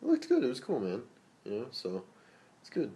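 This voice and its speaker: A man's voice: medium pitch, huge pitch swings, a little fast, mellow. A man co-hosting a podcast, talking in a laid-back way and telling stories with animation. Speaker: podcast co-host. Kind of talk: casual chat.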